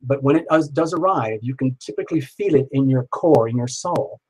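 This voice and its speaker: Husky man giving a live tarot reading. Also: medium pitch, brisk, low-quality recording. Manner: gentle, repetitive affirmations, addresses viewers by name. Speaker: tarot reader hosting a live stream. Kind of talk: live-stream tarot reading, speaking to viewers.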